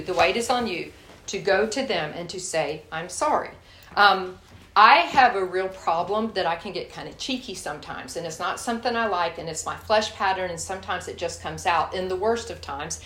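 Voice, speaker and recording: A woman's voice: fairly low pitch, normal speed, fairly bright tone. Folksy woman preaching in an echoey room. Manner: folksy, candid, addresses listeners as y'all. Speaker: speaker teaching a church group. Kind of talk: sermon with personal story. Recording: echoey room, faint hiss.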